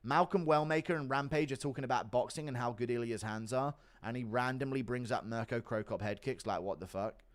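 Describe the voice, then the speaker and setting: A man's voice: mid-range voice, a little fast, hardly any pauses. A man hosting a livestream, reading donations in a blunt, crude, offhand way. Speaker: livestream host. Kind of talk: casual chat reading donations.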